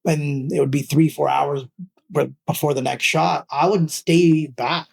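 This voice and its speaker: A man with a Canadian accent, an actor talking casually in an interview, animated and emphatic as he makes his points. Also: a little slow, vocal fry, breathy edge. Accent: Canadian English. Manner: animated, emphatic, rising pitch when making a point. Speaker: actor guest.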